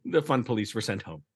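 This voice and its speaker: Animated podcast host, lively pitch. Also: male voice, breathy edge, no echo, studio quality. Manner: laughs often, reads quotes aloud. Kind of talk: casual chat.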